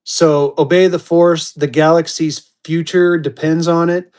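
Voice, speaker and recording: A fairly high-voiced man with a drawl calls out lots on a live auction stream. He talks in quick, hyped bursts, repeating his calls and urging bidders on. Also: flat delivery, a little mellow, clean tone.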